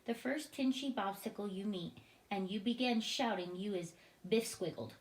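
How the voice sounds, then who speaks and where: Brief: gentle friendly male giant who mangles words, storybook read-aloud, done by a woman, echoey room. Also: medium pitch, normal speed, close to an everyday voice. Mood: calm. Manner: jumbled grammar, made-up words. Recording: roomy echoing room.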